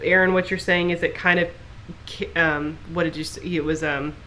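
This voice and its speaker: A woman talks through her thoughts in a relaxed podcast chat, circling back and leaning on filler phrases. Her voice sits low but comes across bright and forward. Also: moderate pace, slight background noise. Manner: rambling, heavy on filler phrases. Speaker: podcast co-host. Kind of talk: casual chat.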